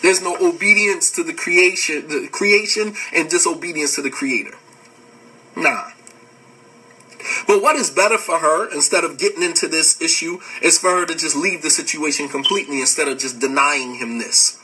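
A man, hosting a podcast and giving a casual religious lecture, animated and laughing often as he answers comments. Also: on the high side, normal speed, breathy edge, distant mic, poor audio.

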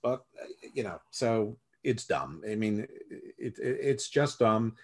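A man's voice: fairly low pitch, animated, takes it slowly. A man guest co-hosting a casual podcast, opinionated, often repeating words as he thinks. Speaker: guest co-host.

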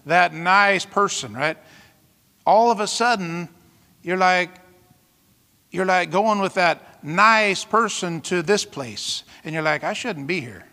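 A male pastor preaches a sermon with emphatic, dramatic delivery, firing off rhetorical questions and sudden exclamations. His high voice is bright, forceful, and smooth at a slow pace, ringing with long reverb as though in a church hall.

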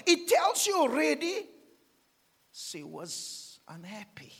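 A man preaches a fiery sermon with a high, wildly swinging voice. His tone is gravelly and husky, and he drops from shouts to whispers. A long hall reverb trails every phrase. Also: very animated, a little slow. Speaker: pastor.

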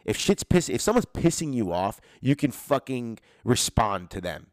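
On his own podcast, a male host rants in a relaxed, profane way, full of energy and voicing people's inner thoughts as little performances. He has a mid-range voice and a moderate pace, recorded dry at studio quality.

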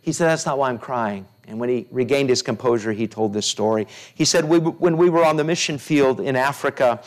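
A middle-aged man, a pastor, preaching a sermon, building repeated phrases up and dropping softly into stories. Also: mid-range voice, brisk. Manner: preaching with rising repeated phrases and soft storytelling drops.

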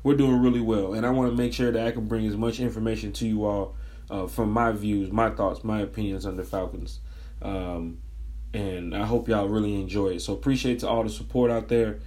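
Hoarse, hyped-up man hosting a fan show. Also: lowish voice, a little fast. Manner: energetic, repetitive hype talk. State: hoarse from screaming. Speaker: fan podcast host. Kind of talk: casual sports fan monologue.

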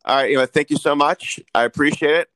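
A man's voice: fairly high pitch, quick pace, a bit bright, no echo, rough recording. Guy cohosting a chill podcast, rambles and repeats himself, dry sound. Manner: chatty, stumbles and repeats words. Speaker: podcast co-host. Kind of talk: casual podcast chat.

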